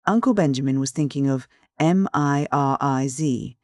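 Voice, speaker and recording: An audiobook narrator reading a classic novel in a measured storytelling manner. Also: medium pitch, a little mellow, no echo, clean studio sound. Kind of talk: scripted narration.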